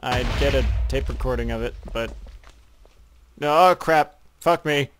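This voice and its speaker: A man's voice: mid-range voice, a little slow, fairly bright tone. A man playing a co-op game with friends, teasing them, swearing and mock-narrating the action. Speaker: gamer playing a co-op map. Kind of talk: casual gaming commentary.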